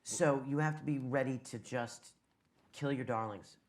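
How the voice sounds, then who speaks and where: A man's voice: mid-range voice, unhurried. Candid man, TV writer on a panel. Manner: candid, anecdotal, swears casually. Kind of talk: panel discussion answers.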